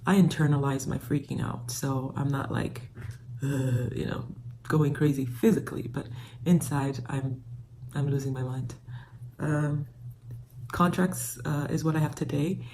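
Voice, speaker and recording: A woman's voice: extremely low pitch, steady tone, unhurried, warm tone, slight background noise, low-quality recording. A young woman in her twenties talking to camera about law school finals, anxious and rambling with many fillers. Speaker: law student vlogger. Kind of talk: casual vlog talk to camera.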